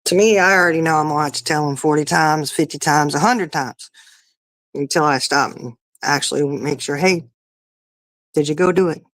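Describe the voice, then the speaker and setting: A woman's voice: sits low, fairly quick, a bit bright, no room sound. Chatty woman in her fifties. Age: 50s. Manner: chatty, rambling storyteller. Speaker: podcast guest or co-host. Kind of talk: casual chat.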